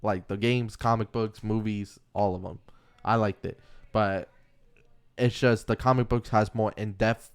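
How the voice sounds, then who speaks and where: Smooth-voiced young man, casual podcast chat. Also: lowish voice, steady tone, a little slow. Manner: chatty, self-correcting, laughs easily. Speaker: podcast co-host. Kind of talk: casual chat about comics and movies.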